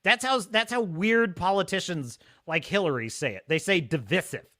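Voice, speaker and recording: A man hosting a live stream, reading viewer comments and ranting in an animated, laughing way. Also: high voice, moderate pace. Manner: animated, ranting, laughs often, mocks pronunciations. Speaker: host.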